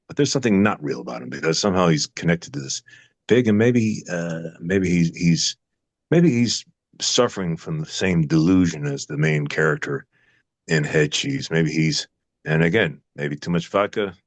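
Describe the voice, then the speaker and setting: A man's voice: a bass voice, dry recording. An older man, an actor guest, musing in a casual interview, rambling with many fillers and restarts.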